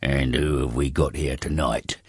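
A shrewd, steady detective from a storybook, played by a man with a very deep voice. He fires off brisk, probing questions in a dry, close recording. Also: husky, dry recording, full character voice.

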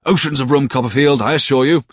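A man's voice: mid-range voice, quick pace, fairly bright tone, no echo, clean studio sound, pitched above the performer's own voice, lightly acted. A man voicing a cheerful, good-humoured young friend in a storybook reading. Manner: cheerful, hearty.

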